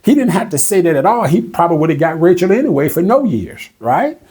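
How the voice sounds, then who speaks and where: Male Bible teacher, slightly high voice, casual and emphatic, slow over the verses. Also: sing-song, a little mellow, breathy edge. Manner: emphatic and conversational, reads scripture slowly. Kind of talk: casual Bible study commentary.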